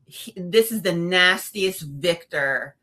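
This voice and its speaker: Woman horror reviewer, casual chat, bright forceful voice, animated reactions. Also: fairly low pitch, takes it slowly. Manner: expressive, animated, acts out reactions. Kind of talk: casual film discussion.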